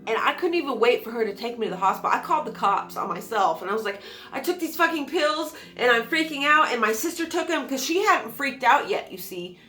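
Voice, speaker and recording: A woman's voice: fairly high pitch, animated, quick pace, few pauses, a bit bright, faint music behind. A young woman telling a personal story to her viewers in a casual, candid way, swearing freely and acting out what people said. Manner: candid, swears freely, acts out quotes with shrieks. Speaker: storytime vlogger.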